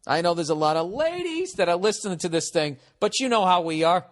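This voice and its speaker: A man's voice: high-pitched, a little fast. A middle-aged man hosting a podcast, giving blunt, profane advice in a rambling casual monologue. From United States. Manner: blunt, animated, swears constantly, rambling asides.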